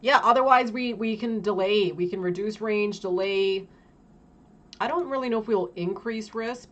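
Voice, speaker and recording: A woman's voice: low-pitched, slight background noise. A woman hosting a casual trading livestream, thinking aloud and asking viewers questions. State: chewing while talking. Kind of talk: casual live chart commentary.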